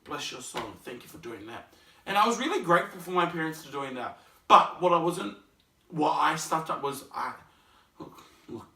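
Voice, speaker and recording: Bright-voiced young man telling his story. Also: on the high side. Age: young adult. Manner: animated, acts out scenes and voices. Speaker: vlogger. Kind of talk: personal storytelling. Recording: roomy, mic at a distance.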